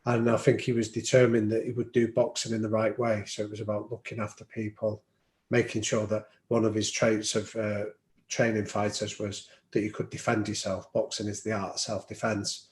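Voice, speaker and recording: A man's voice: fairly low pitch, flat delivery, normal speed. A man telling stories as a podcast guest, reflective and anecdotal, with frequent ums. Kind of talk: storytelling in an interview. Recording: roomy echo.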